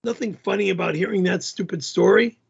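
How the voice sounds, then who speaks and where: A man's voice: high voice, fairly quick, vocal fry, breathy edge, lo-fi sound. A man hosting a live stream, reacting indignantly to viewer messages and stammering as he answers them. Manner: indignant, flustered, repeats and stammers. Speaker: livestream host.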